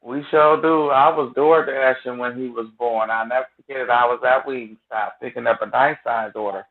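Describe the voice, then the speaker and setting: A man's voice: mid-range voice, fairly even intonation, normal speed, gravelly. A man, co-hosting a casual late-night chat and telling comic stories with acted-out quotes. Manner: comic storyteller, acts out quotes. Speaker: podcast co-host. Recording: tinny phone-like sound.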